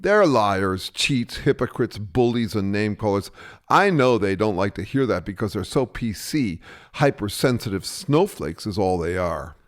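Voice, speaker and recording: A man playing a smug, hypocritical bully who brushes off every charge and turns it back on the other person. His pitch swings widely as he blusters and lectures, sure he is always right. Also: lively intonation, normal speed, lightly acted. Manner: blustering, dismissive, self-righteous. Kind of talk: satirical two-man sketch dialogue.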